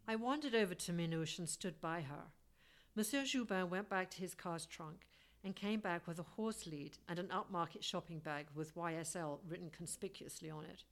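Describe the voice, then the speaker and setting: A woman reading a first-person story aloud as an audiobook, with a wry, lightly humorous manner. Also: lowish voice. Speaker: audiobook narrator. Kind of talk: storybook narration.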